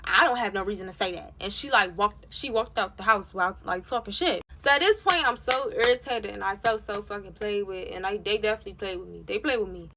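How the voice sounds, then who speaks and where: A woman's voice: mid-range voice, brisk, hardly any pauses, sharp tone. A young woman vlogger telling a story in a casual rant, blunt and profane, with lots of "like" fillers. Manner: blunt, profane, heated retelling with many "like" fillers.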